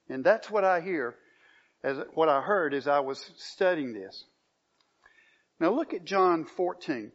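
A man delivers a sermon in a somewhat high voice, reading scripture aloud and stressing key phrases. His delivery swells emphatically. The recording is muffled and lo-fi. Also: lively intonation, slow. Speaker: pastor. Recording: dull lo-fi recording.

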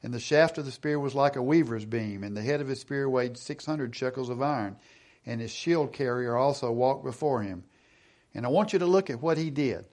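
A middle-aged man preaching a sermon. He reads scripture aloud, asks the congregation questions and slows down for emphasis. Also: medium pitch, a little mellow. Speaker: pastor.

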